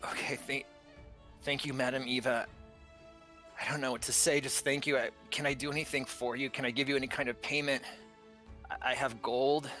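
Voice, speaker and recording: A man playing a shaken, polite young man who speaks haltingly. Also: mid-range voice, fairly even intonation, pushed and bright, faint music behind, lightly acted. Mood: flustered. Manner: halting, stammering.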